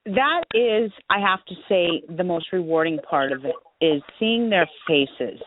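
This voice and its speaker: A woman's voice: fairly low pitch, animated, a little slow. A woman hosting a talk radio show, chatting casually and gushing over her guest. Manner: gushing, chatty, warm-hearted asides. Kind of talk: casual phone interview chat. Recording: tinny phone line with faint hiss.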